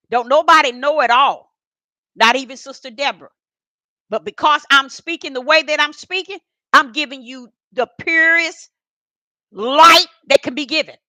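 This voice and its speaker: During a live-streamed Bible study, a woman preaches while addressing the live chat, repeating words for emphasis and swinging from shouts to soft murmurs. Her voice is high, and the recording is rough with no room sound.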